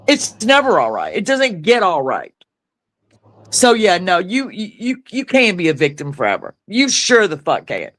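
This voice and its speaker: A man's voice: high-pitched, fairly bright tone. A man hosting a live stream discussion, impassioned, grieving and swearing freely.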